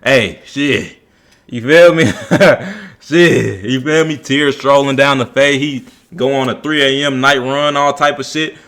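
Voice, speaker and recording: A man's voice: medium pitch, fairly even intonation, a bit bright. A young man streaming and chatting casually, reacting to a video with slangy, repetitive talk. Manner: slangy, repetitive, drawn-out filler.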